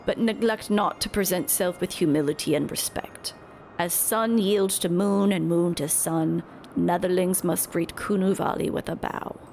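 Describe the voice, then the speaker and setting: A woman's voice: on the low side, normal speed, vocal fry, a little mellow, slight background noise. A woman voicing a solemn birdlike tribal elder with broken, formal country-bumpkin speech.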